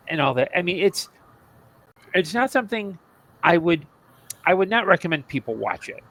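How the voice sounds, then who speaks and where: A man's voice: sits high, very animated, normal speed, pauses often, a bit bright, low-quality recording. A man co-hosting a podcast in casual chat about old TV shows, rambling with many restarts and asides. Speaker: podcast co-host.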